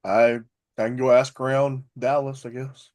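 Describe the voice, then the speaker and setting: A man from Arkansas with a softened South Arkansas accent, co-hosting a casual podcast chat and explaining things carefully with small restarts. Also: mid-range voice, little pitch movement, moderate pace. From Arkansas, USA. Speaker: podcast co-host.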